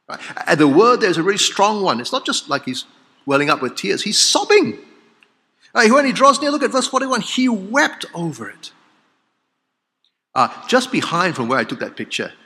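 A man preaching a sermon, swinging from loud exclamations to hushed, solemn lines. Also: a little high. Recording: long hall reverb.

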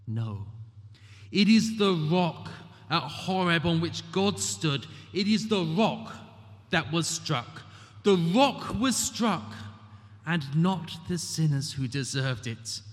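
Male preacher, slightly high voice, emphatic and questioning, church with long reverb. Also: lively intonation, takes it slowly. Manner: emphatic, rhetorical questions, dramatic quoting. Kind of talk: sermon. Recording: long reverb of a large hall.

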